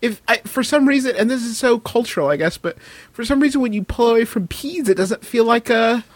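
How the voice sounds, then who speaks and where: A woman co-hosting a podcast in casual comedic banter, quick to joke. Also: fairly high pitch, animated, no echo. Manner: laughs often, quick to joke.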